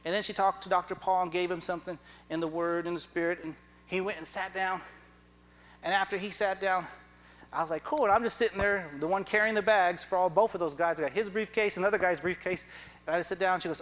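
A man's voice: high-pitched, fast talker, fairly bright tone, long reverb tail, poor audio. A man preaching a sermon, telling a personal story with quoted dialogue and chuckling asides.

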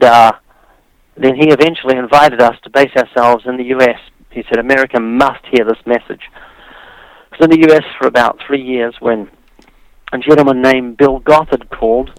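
A man with a New Zealand accent speaks as a radio interview guest. He tells his story in a steady, dry-humored way. The sound is close and dry, with no room around it. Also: medium pitch, dry recording, poor audio.

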